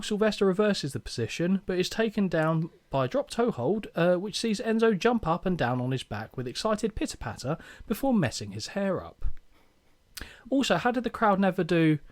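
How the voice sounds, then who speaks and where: A young man reads a match recap on a podcast with a slightly raised voice. His delivery is lively, and his pitch moves a lot. He keeps breaking off into playful jokes. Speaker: podcast co-host. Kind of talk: casual chat reading a match recap.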